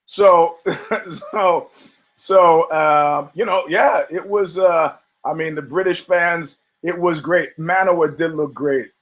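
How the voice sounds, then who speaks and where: A man's voice: on the high side, slow pace, fairly bright tone, rough recording. A man hosting a podcast, chatting casually and profanely, rambling from thought to thought and laughing often as he talks. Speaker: podcast host. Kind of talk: casual podcast banter about fighting.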